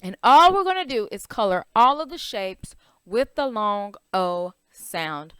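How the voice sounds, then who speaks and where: A woman's voice: mid-range voice, expressive, measured pace, fairly bright tone, smooth, no room sound, clean studio sound. A woman teaching a children's phonics lesson, stretching out vowel sounds and asking the class questions.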